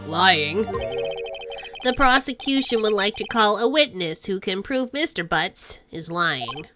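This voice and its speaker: A woman voicing a smug, middle-aged male prosecutor in a game, speaking low and slow. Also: very animated, music in the background. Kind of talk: game voice-over.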